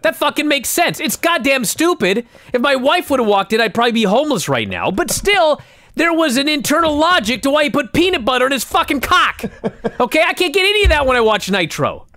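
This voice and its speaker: Animated high-voiced man ranting. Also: fairly quick, no room sound, studio quality. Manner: animated, swearing, exasperated ranting. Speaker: podcast co-host. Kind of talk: casual profane chat.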